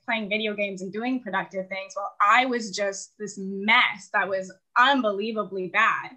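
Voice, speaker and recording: Over a rough recording, a medium-pitched woman with a sharp tone tells her story as a caller. She is in her twenties, seeking relationship advice, and her casual confessional talk rambles, laced with "like" and plenty of laughter.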